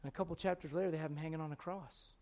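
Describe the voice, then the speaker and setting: A man preaching a sermon who swings between quiet, conversational asides and loud, emphatic exhortation, acting out the voices he quotes. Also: on the high side, steady tone, rapid-fire. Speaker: pastor.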